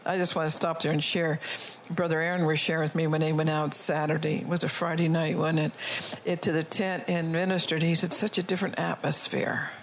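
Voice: mid-range voice, flat delivery, brisk, a little hiss or hum, rough recording. A preacher delivering a sermon, reading prophecy and scripture aloud and checking in with the congregation. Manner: reads prophecy and scripture aloud, often checks in with "all right?".

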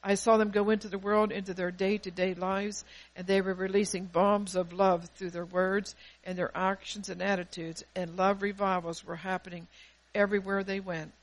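A woman pastor preaching with fervor, her voice rising to loud peaks and sinking to near-whispers. Her pitch sits in an ordinary middle range. She often breaks off and restarts her phrases as she presses her points. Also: level tone, moderate pace, rough recording. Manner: fervent preaching that swells loud and drops soft, with many restarts. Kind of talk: sermon.

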